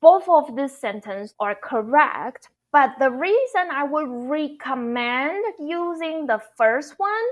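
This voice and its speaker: A young woman whose first language is Mandarin teaches a casual online lesson. Her voice sits fairly high, and she takes her time, repeating each phrase so learners can practice. She explains with easy fillers along the way. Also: animated, slow, hardly any pauses.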